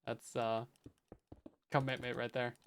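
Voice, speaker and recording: A man's voice: medium pitch, level tone, a little slow, slight background noise. A man casually narrating his Minecraft building session, chatting and joking at his own expense as he plays. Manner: chatty, self-mocking, talks to chat while building. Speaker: Minecraft let's play host. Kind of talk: casual gameplay commentary.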